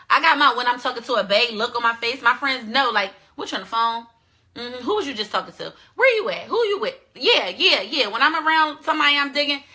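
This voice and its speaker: A woman's voice: sits high, sharp tone. A woman hosting her own show, giving blunt, profane dating advice in a casual monologue. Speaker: show host.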